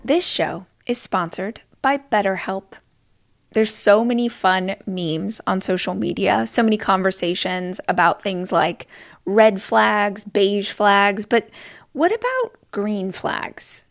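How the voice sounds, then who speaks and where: A woman's voice: medium pitch, lively intonation, takes it slowly, creaky. A woman host reading a sponsor spot in an upbeat, conversational way.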